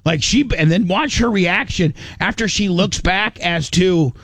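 A man's voice: sits high, unhurried, a bit bright, no echo. Radio host guy rambling, lots of stammery restarts, dry close sound. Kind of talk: crude casual talk radio banter.

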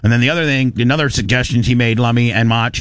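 A man hosting a radio talk show, telling a story in an animated, ranting way with frequent restarts. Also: mid-range voice, fast, no room sound.

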